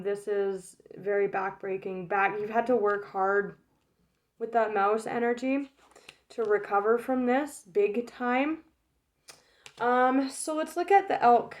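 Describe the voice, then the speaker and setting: A woman giving a casual tarot reading, frank and emotional, swearing freely, laughing often and filling pauses with um and like. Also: fairly high pitch. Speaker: tarot reader.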